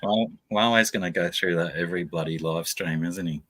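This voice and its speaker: A man's voice: low-pitched, fairly quick, a bit bright. A man joining a livestream chat, casual with a dry, wry sense of humor.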